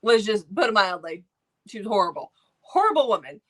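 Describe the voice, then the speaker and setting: A woman's voice: mid-range voice, a little fast. A woman co-hosting a book review channel, chatting casually and gushing with lots of restarts as she retells a story. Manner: gushing, self-interrupting, animated storytelling.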